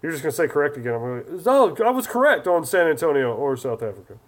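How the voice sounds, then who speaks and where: A man's voice: a little high, sing-song, fast. A man hosting a casual live stream, chatty and jokey as he reads viewer comments aloud.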